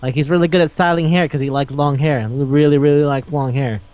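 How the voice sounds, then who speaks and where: A man's voice: fairly high pitch, fairly even intonation, quick pace, darkish tone, highs cut off. A man hosting a podcast in casual chat, rambling through a recap, swearing often and laughing as he talks. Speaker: podcast host.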